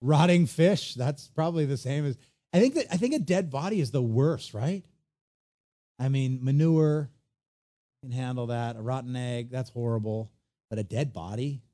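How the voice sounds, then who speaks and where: A man delivers a sermon in a relaxed, mellow voice at a middle pitch. He talks in a lively, conversational way and jumps into little acted voices for the people he quotes. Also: moderate pace. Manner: animated, acts out quoted voices. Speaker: pastor.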